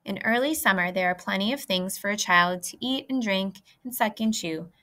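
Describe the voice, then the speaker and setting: A woman reading a children's book aloud in a clear, lively way. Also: mid-range voice, moderate pace. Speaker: reader. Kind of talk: storybook read-aloud.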